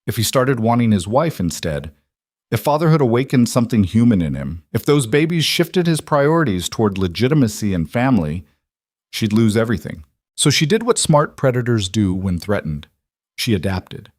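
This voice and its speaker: A man reading a dramatic story as scripted narration, in a measured storytelling manner. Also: mid-range voice, sing-song, no room sound, studio quality.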